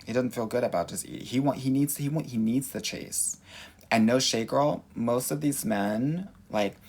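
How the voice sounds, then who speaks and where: A sassy, animated man from Los Angeles with a Valley accent, a dating coach answering viewer questions on a livestream. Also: medium pitch, unhurried.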